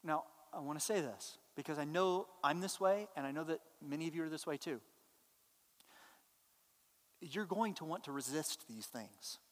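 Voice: medium pitch, normal speed. A pastor preaching a sermon to a church in an emphatic, conversational way. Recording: long hall reverb.

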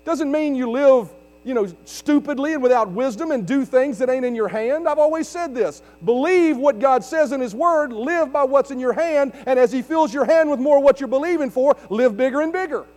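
A man preaches in a very high-pitched voice with a darkish tone, speaking at normal speed. He hammers his points with growing emphasis and questions aimed at the congregation, and the recording has long large-hall reverb plus mains hum.

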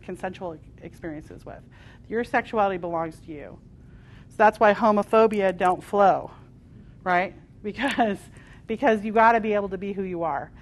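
A woman with a mid-range voice leads a live spiritual workshop in front of a group. Her delivery is passionate and emphatic, swinging from loud declarations down to quieter asides. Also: medium pitch. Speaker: workshop leader. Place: workshop room with a live audience.

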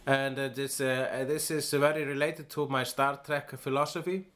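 A man's voice: mid-range voice, steady tone, normal speed, fairly bright tone. A man from Iceland co-hosting a podcast, talking casually and playfully with many fillers and restarts. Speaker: podcast co-host.

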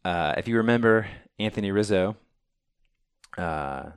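Deep-voiced, smooth man hosting a podcast. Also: normal speed. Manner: rambling, many fillers. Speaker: podcast host. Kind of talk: casual chat.

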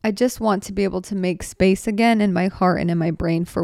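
A woman's voice: medium pitch, brisk, vocal fry, hardly any pauses, a little mellow, dry recording, studio quality. A woman in her twenties hosting a solo podcast, talking in an earnest, rambling, heartfelt way, cutting herself off and restarting, tearful at times. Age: 20s. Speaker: podcast host. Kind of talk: casual solo podcast talk.

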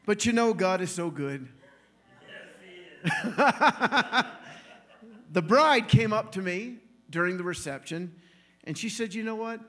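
Male preacher, high voice, lively anecdotal sermon, laughs between lines. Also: slow, long pauses. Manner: animated, acts out quoted voices, laughs often. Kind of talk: storytelling sermon.

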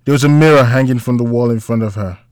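A man narrating an audiobook in a measured, even storytelling manner. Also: mid-range voice, clean tone, dry recording, clean studio sound. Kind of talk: scripted narration.

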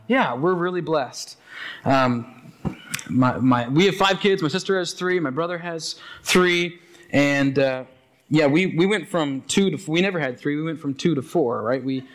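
Pastor, man, fairly high voice, casual encouraging sermon tone.

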